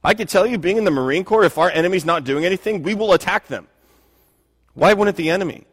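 A pastor preaches with earnest, conversational warmth, often circling back to restart his phrases. His slightly high voice is quick and breathy-edged, wrapped in a church hall's long reverb.

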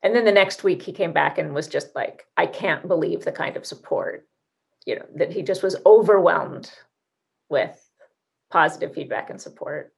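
A woman co-hosting a podcast, chatty and animated as she tells a story. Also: lowish voice, moderate pace, gravelly, breathy edge. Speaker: podcast co-host. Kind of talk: casual conversation.

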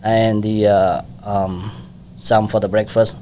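Relaxed lower-voiced man. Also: takes it slowly, slight background noise. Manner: simple non-native English, relaxed and friendly. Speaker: donut shop owner. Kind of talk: casual interview.

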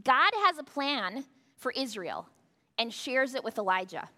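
A woman's voice: a little high, lively intonation, measured pace, pushed and bright. A woman pastor giving a sermon, talking conversationally with rhetorical asides to the congregation. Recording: long hall reverb.

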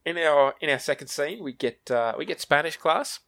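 A man's voice: a little high, lively intonation, normal speed, vocal fry, fairly bright tone. A man hosting a podcast, chatting casually and retelling scenes from an episode. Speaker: podcast host. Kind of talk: casual chat recapping an episode.

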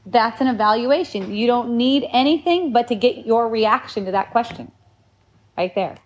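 A woman gives a casual spiritual talk, her voice sitting a little high. She muses in a rambling, reflective way and often circles back to restart a thought. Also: expressive, moderate pace.

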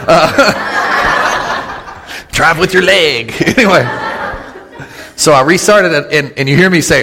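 A man, preaching a casual, humorous sermon as a pastor, chatty and quick with jokes and asides. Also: on the high side, gravelly, pushed and bright. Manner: joking, conversational, with quick asides and laughs. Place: church sanctuary. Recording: long hall reverb in a church.

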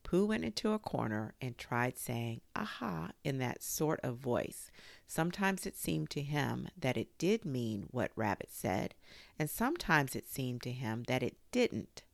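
Woman, storybook reading, low voice, gravelly, lively pitch, dry close sound. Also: no echo. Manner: expressive, unhurried. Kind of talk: reading a children's story aloud.

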